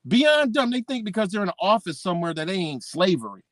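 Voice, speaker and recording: A man's voice: sits high, big pitch swings, fast, fairly bright tone, dry recording. A man hosting a live talk stream, ranting bluntly with heavy swearing and mimicking the people he quotes. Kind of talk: profane ranting monologue.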